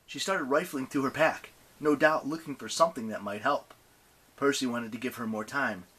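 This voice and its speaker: A man reading a novel aloud as an audiobook narrator, with animated, expressive delivery. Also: medium pitch, normal speed, slightly rough.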